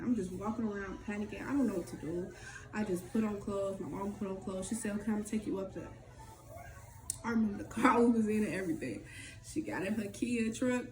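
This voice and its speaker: A woman telling a personal story in casual talk, candid and swearing freely, acting out what others said in quick lively bursts. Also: fairly high pitch. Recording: echoey room with faint background noise.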